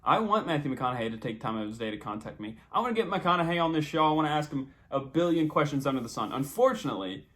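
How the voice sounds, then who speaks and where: A man's voice: on the high side, lively intonation, quick pace, hardly any pauses, a bit bright. Playful young man hosting a solo podcast. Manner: mock-dramatic, playful build-up with self-corrections. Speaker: podcast host.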